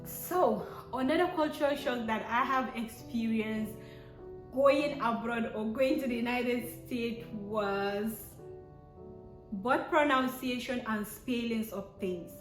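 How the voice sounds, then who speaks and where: A young Nigerian woman with a Nigerian accent telling stories to camera in a casual, animated way, often exclaiming and acting out both sides of conversations. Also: on the high side, slow. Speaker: vlogger. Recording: echoey room with soft piano music.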